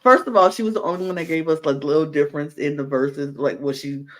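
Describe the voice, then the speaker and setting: A man's voice: on the high side, fast, a bit bright, rough recording. A man co-hosting a casual podcast, gushing with enthusiasm. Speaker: podcast co-host. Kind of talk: casual chat.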